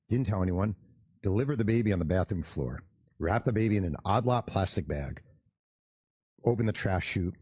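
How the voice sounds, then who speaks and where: A man's voice: deep voice, breathy edge, no room sound. A man and author telling a story in an interview, acting out the people he quotes. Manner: animated storyteller who acts out quotes.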